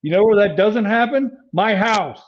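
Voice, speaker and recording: A man's voice: high voice, moderate pace. A man hosting a podcast in casual chat, exclamatory and playful, with some swearing, on a slightly dull lo-fi recording. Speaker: podcast host.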